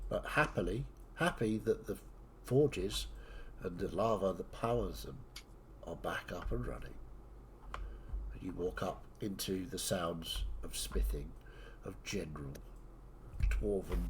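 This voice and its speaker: A man's voice: deep voice, a little hiss or hum. A man narrating a tabletop game as game master in an easygoing way.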